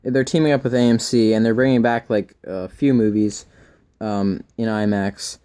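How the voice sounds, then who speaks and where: Young dude chatting about movies, upbeat, lots of likes and ums. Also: male voice, lowish voice, little pitch movement, normal speed, warm tone, smooth. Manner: chatty, upbeat, filler-heavy. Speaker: movie review co-host. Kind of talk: casual movie chat.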